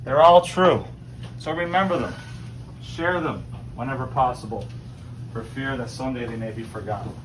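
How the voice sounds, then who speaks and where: A man's voice: medium pitch, moderate pace, slight background noise. Playful Newfoundland man leading a crowd. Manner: playful, teasing, animated. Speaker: host of a screech-in ceremony. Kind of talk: joking performance for a crowd. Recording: distant mic with loud background.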